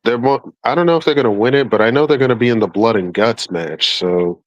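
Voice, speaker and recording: A man's voice: mid-range voice, quick pace, no echo, lo-fi sound. A man co-hosting a wrestling podcast, talking casually and with some swearing. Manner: laid-back, profane, informative. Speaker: podcast co-host. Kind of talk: casual chat.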